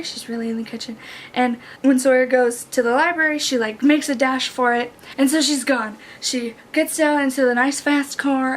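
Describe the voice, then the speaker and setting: A young woman excitedly recapping a plot in a casual vlog, saying "like" a lot. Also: fairly high pitch, a little hiss or hum. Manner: excitable, heavy use of "like". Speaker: book and movie reviewer.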